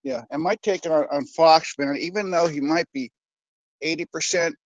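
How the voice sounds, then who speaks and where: A man calling in to a sports radio show, talking in a halting, rambling way with many fillers. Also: a little high, no room sound, lo-fi sound. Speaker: caller. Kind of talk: sports call-in talk.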